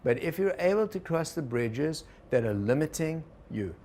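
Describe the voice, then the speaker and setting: A man teaching a workshop to a live group, relaxed and digressive, often turning to the audience with questions. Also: on the high side, normal speed, slight background noise. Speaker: organizational consultant teaching a workshop.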